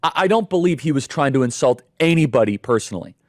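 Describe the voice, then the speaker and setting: A man in a played clip giving political commentary in a steady, formal way, listing points one after another. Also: medium pitch, fast, dry recording, studio quality.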